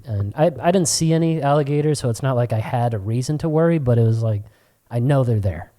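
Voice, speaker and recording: A young man co-hosting a podcast, telling stories in casual chat with a lot of swearing and sudden high-pitched quoted voices. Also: brisk, mellow. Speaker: podcast co-host.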